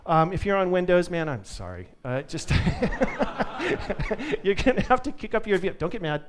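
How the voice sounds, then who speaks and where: A man's voice: high-pitched, sing-song, fast talker, a crowd in the background. A man giving a live conference tech talk to an audience, upbeat and joking. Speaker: conference speaker.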